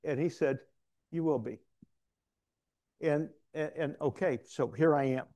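A man's voice: on the high side, unhurried, warm tone. A man, a preacher, giving a candid testimony to a room, storytelling with self-deprecating humor. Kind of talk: testimony sermon. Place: room with an audience.

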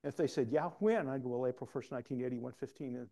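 Rapid-fire and level in tone, a middle-aged man's medium-pitched voice carries a sermon of personal stories. He shifts from hushed asides to loud exclamations.

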